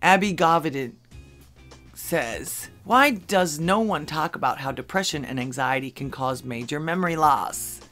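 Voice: mid-range voice, unhurried, a bit bright, faint music behind. A channel host at home in Texas, reading funny social media posts aloud and adding dry asides between them, with chuckles at the jokes.

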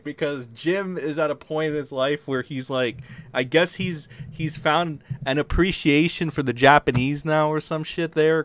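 A man's voice: fairly high pitch, no room sound. A man doing casual reaction commentary on a call, swearing freely and mocking with laughing asides. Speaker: commentary streamer.

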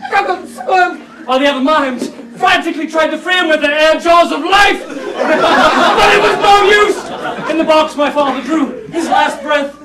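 A man's voice: very high-pitched, normal speed, a crowd in the background, background noise. An actor on a live stage playing a grief-stricken, talkative male mime who tells his story in a theatrical, overwrought way. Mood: melodramatic. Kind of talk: live sketch comedy performance. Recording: echoey live stage audio from far off, loud music and audience laughter.

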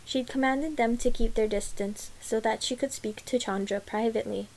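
A woman reading a novel aloud in measured, quiet narration. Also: on the high side, steady tone, slight background noise, low-quality recording. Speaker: audiobook reader.

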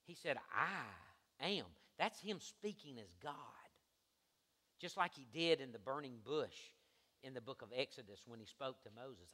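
A man preaching a sermon as pastor, swinging between hushed asides and loud, soaring exhortation. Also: medium pitch. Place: church sanctuary. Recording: reverberant church sanctuary.

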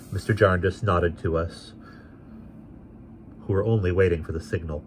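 A man narrating a classic novel aloud in a steady, expressive way. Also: sits low, normal speed, a little hiss or hum. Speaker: audiobook reader.

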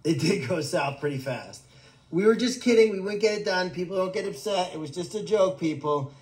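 A man's voice: sits high, lively intonation, moderate pace, a little mellow. A man hosting a casual livestream from an animal sanctuary, answering viewer comments in a joking, rambling way with stammered restarts.

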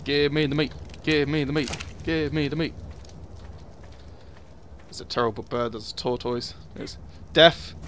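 A man's voice: fairly high pitch, steady tone, a little slow, long pauses, fairly bright tone, slight background noise. A young man giving casual, sweary commentary over a survival game, muttering asides to himself. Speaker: gaming video host.

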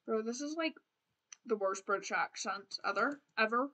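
Bright chatty young woman streamer. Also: fairly high pitch, expressive, normal speed. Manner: chatty, rambling, restarts and fillers, playful. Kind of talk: casual gameplay commentary.

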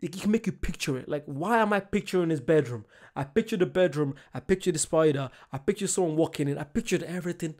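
A man's voice: fairly high pitch, fast, hardly any pauses, darkish tone. A man chatting casually as he reacts to a comedy clip, apologetic and enthusiastic. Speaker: reaction video host.

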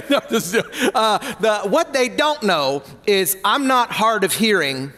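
Male pastor, high voice, playful animated sermon, reverberant church hall. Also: takes it slowly. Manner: playful, animated storytelling with asides to the congregation.

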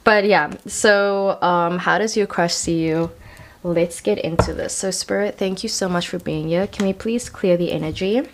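A woman's voice: lowish voice, steady tone, normal speed, slight background noise. A young woman giving a casual tarot card reading, talking in a chatty, slangy way full of "like" and "I feel like". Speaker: tarot reader.

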